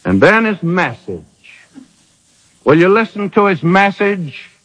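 A man preaching a sermon with emphatic rhetorical questions and dramatic pauses, from an old radio broadcast. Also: high-pitched, very animated, fairly bright tone, in a large hall.

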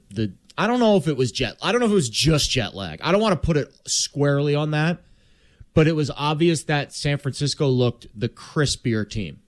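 A man in casual sports chat, rambling and hesitant, drifting into playful comparisons. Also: mid-range voice.

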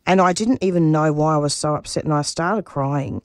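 A woman's voice: sits low, fairly quick, no room sound. Earnest middle-aged woman, dry studio voice. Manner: earnest and emphatic, often restarting phrases. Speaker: radio producer and interview guest. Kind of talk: personal interview answers.

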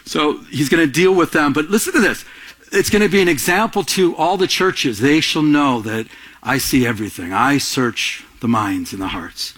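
A man preaching a sermon to a congregation, animated, swinging between soft and raised delivery and acting out little scenes with quoted voices. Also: on the high side, husky. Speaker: pastor.

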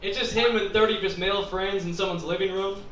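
Man, stand-up comic, dry sarcasm, raised voice, roomy distant mic, loud crowd. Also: high-pitched, fairly even intonation, quick pace. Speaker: stand-up comedian. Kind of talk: stand-up comedy set. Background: crowd laughing.

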